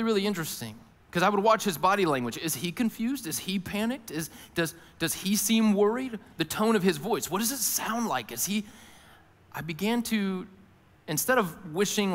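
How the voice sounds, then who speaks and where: Animated man preaching in a reverberant hall. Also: sits high. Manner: animated storytelling, acting out voices. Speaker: pastor. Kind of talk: sermon. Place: large church hall.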